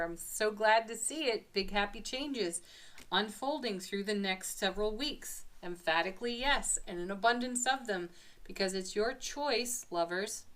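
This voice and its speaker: A woman doing a spiritual tarot reading to camera, gentle and enthusiastic, with soft laughs between cards. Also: medium pitch. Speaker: tarot card reader.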